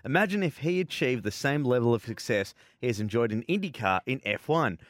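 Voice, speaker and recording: A relaxed Australian man co-hosts a motorsport radio show and reads sponsor messages without a hitch. His pitch is middling, and the sound is dry and close to the microphone. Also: a little fast, no room sound. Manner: relaxed, laughs easily, reads sponsor lines smoothly.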